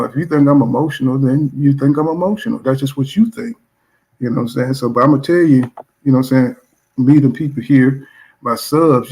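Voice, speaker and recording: A man with a gravelly, fry-edged voice talks through boxing news on his own channel. His delivery is loose and blunt, circling back on himself with constant fillers. He stays at an ordinary middle pitch as he reacts to viewer comments. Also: darkish tone. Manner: loose, repetitive, leans on "you know what I'm saying"; blunt and profane.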